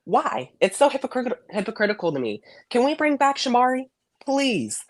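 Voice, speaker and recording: A man's voice: extremely high pitch, big pitch swings, moderate pace, dry recording. A man calling in to a live stream, chatting casually and gossiping with sassy, emphatic jokes. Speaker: caller. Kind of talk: casual chat as a call-in guest.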